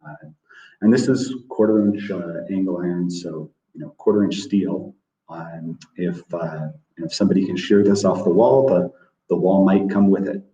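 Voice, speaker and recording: A man's voice: low-pitched, normal speed, dark tone. A man presenting product features in a webinar, hesitant and full of filler words. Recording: distant, roomy, dull audio.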